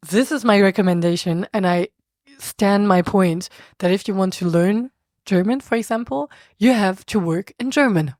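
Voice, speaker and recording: A woman's voice: mid-range voice, normal speed, no echo, studio quality. A woman from France with a French accent, a podcast guest talking casually and animatedly, often groping for the right word. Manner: animated, searching for words, laughs often. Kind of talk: casual conversation.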